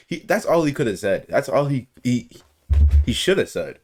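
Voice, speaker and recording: A man's voice: medium pitch, big pitch swings, moderate pace, a little mellow. A man reacting to videos on a stream, reading messages aloud with frequent laughs and swearing. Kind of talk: casual reaction commentary.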